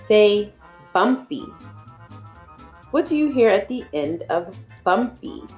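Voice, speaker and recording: A woman teaching a phonics lesson to children, enunciating slowly and repeating words for them to echo. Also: mid-range voice, fairly bright tone. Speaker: literacy teacher.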